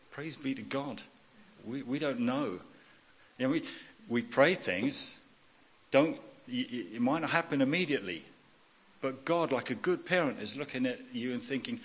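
A man's voice: medium pitch, a bit bright, breathy edge. A middle-aged man giving a personal testimony in a sermon, emphatic and repetitive, often checking in with "okay?". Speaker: preacher. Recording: long hall reverb.

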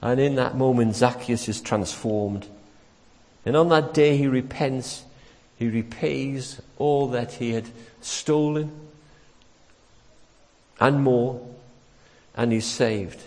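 A man delivers a sermon in a church, his voice sitting at an ordinary middle pitch. He tells the story with animated emphasis and acts out the quotes. A long reverb from the hall trails after his words. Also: takes it slowly, long pauses. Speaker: preacher.

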